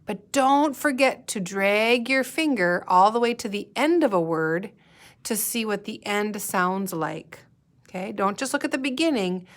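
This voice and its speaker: A woman teacher speaks at an unhurried, deliberate pace, walking young readers through new words one sound at a time. She stretches words out, repeats them and leaves pauses for the children to answer. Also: medium pitch. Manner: slow, patient, sounding out words and pausing for answers. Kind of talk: recorded guided-reading lesson for young students.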